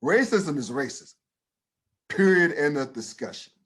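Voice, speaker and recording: A man's voice: on the high side, animated, a little slow, a bit bright. A man co-hosting a casual podcast, talking bluntly and emphatically, swearing freely and restarting his sentences. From United States. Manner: profane, emphatic, with many restarts. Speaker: podcast co-host. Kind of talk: casual opinion chat.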